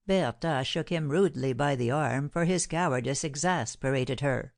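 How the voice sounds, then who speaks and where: A woman reads a classic novel aloud for an audiobook, her voice sitting notably low. The delivery is measured and steady, scripted narration throughout. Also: creaky, no room sound, clean studio sound.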